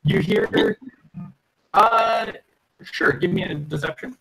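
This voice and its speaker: A man running a tabletop game over online voice chat, with a gravelly, creaky voice and lively ups and downs in pitch. He narrates haltingly, filling pauses with ums as he sets the scene. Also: rough recording. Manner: halting, many ums, descriptive. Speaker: game master.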